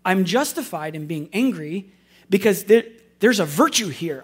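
A man's voice: high voice, animated, normal speed, slightly rough. A man preaching as a pastor, earnest and conversational, with wry self-deprecating asides. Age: adult with school-age children. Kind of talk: sermon.

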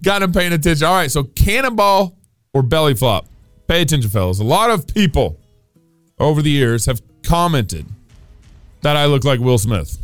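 A man's voice: a little high, very animated, moderate pace, dry recording, soft background music. A man hosting a comedy podcast, rambling playfully and poking fun at himself. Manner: playful, rambling, self-mocking. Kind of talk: joking commentary.

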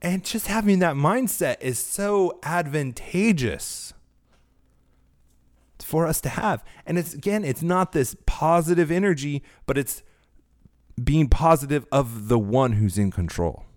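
A man's voice: on the high side, a little slow, dry recording, studio quality. A man hosting a faith-based business podcast, talking earnestly, often restarting his sentences and getting fired up as he preaches. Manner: earnest, self-correcting, animated preaching tone. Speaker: podcast host.

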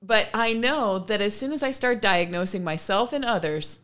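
A woman co-hosting a podcast in casual chat, earnestly explaining her ideas with quick asides. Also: mid-range voice, a bit bright. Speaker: podcast co-host.

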